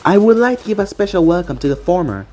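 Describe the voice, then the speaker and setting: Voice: medium pitch, very animated, quick pace, darkish tone, soft background music. A reader voicing a commanding female village leader who speaks formally. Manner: formal and authoritative.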